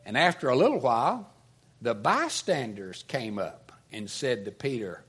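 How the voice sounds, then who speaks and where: A man's voice: fairly high pitch, wildly swooping pitch, moderate pace, husky. A man with a Southern US accent preaching an earnest, conversational sermon and reading scripture aloud. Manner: earnest, conversational, restarts often. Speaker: pastor.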